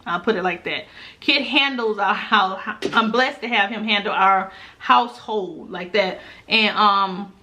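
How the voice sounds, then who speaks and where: A woman's voice: medium pitch, a little slow, bright, forceful tone. A woman from Florida with a South Florida accent, chatting casually to her viewers as a mukbang vlogger, laughing often and saying "y'all.". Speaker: mukbang YouTuber answering viewer questions.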